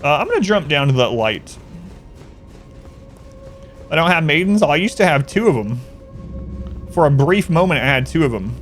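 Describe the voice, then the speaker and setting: A man's voice: a little high, sing-song, moderate pace, pauses often, soft background music. A man chatting casually on a game stream, rambling through a story and answering chat.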